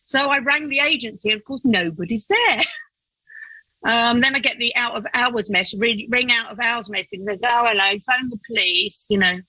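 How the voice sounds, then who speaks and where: A woman's voice: fairly high pitch, brisk, dry recording, rough recording. A middle-aged woman, a foster carer, telling a story in a casual interview with lots of laughter and acted-out voices. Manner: animated, laughing, acts out her own and others' voices.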